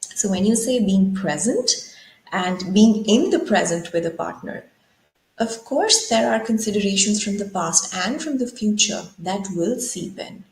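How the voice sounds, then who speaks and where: A woman's voice: mid-range voice, lively intonation, a little slow, a little mellow. A woman guest on a talk show, explaining ideas thoughtfully and posing rhetorical questions. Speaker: guest speaker. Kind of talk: conversational explanation. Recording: roomy echo.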